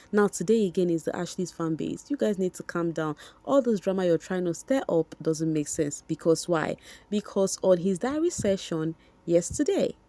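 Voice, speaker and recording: A woman's voice: lowish voice, mellow, dry recording. A young woman with a Nigerian accent, chatting directly to her viewers in a casual gossip commentary, repeating points for emphasis. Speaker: vlogger.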